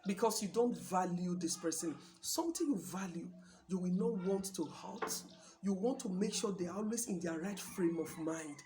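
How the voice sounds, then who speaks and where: Nigerian woman host, mid pitch, emphatic preachy marriage-advice talk, hammers each point home. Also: a little hiss or hum. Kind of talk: talk show address.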